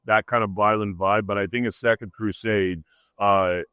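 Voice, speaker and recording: A man's voice: fairly low pitch, fairly even intonation, normal speed, pushed and bright, clear, resonant tone, dry recording. A man hosting a livestream who talks casually and keeps saying "dude" and "like.". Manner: casual, says "dude" and "like" a lot. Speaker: host.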